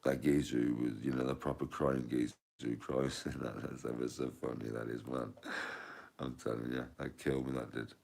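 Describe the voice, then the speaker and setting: A man's voice: extremely low pitch, flat delivery, moderate pace, vocal fry, darkish tone. A man with a Birmingham accent, rambling crudely and laughing often as he chats. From Birmingham, England. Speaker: streamer.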